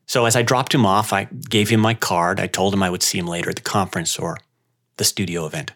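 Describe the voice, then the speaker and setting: A man who owns a yoga studio, telling a personal story in an unhurried, reflective way with dramatic pauses. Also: low voice, steady tone, fairly bright tone.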